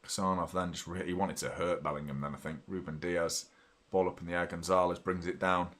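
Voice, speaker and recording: A man in his thirties from the UK, hosting a live football watchalong in a slightly low voice. He talks bluntly and swears freely, jumping up in excitement when a chance comes. Between chances he chats plainly to his viewers. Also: fairly quick. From United Kingdom. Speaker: host of a fan watchalong. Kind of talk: live match reaction and chat.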